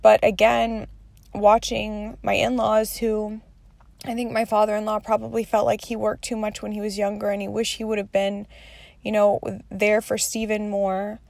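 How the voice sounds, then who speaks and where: A woman's voice: mid-range voice, monotone, moderate pace, vocal fry, a little mellow, no echo. A woman in her thirties talking candidly through her day in a rambling, confessional vlog, swearing freely. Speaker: mother sharing her day.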